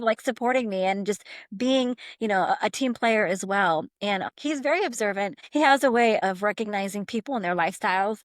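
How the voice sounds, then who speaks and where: An earnest young woman speaks as an interview guest, telling family stories and often repeating words. Her voice sits in an ordinary middle pitch. The sound is dry and close. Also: lively intonation, a little fast, dry recording. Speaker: guest, caregiver sister. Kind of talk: interview storytelling.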